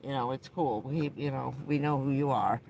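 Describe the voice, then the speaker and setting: A woman live-streaming casual chat from inside her parked van at night, blunt and quick to swear, alternately scolding and soothing her dog. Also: rumbling low, background noise. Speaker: livestreaming van dweller.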